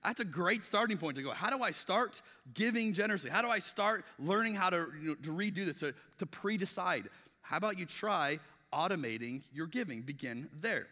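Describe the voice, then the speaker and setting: Middle-aged male pastor, bright forceful delivery, chatty sermon style, echoing church hall. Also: high-pitched, expressive, a little fast. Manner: conversational, acts out quoted dialogue, frequent restarts. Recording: long reverb of a large hall.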